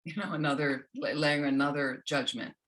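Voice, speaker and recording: A woman teaching a self-compassion workshop, gentle and instructional, often checking in with the group. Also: low voice, fairly even intonation, a little fast. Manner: gentle, keeps checking in with "okay?".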